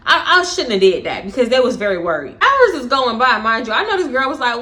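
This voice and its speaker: A young woman vlogger casually telling a storytime, animated and slangy, swearing and laughing as she goes. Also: fairly high pitch, fast talker, few pauses.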